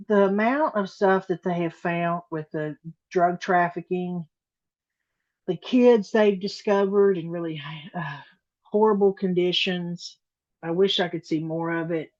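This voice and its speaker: A woman's voice: fairly low pitch, lo-fi sound. A woman giving a blunt, sassy casual opinion monologue and talking straight to her viewers. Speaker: political commentary creator.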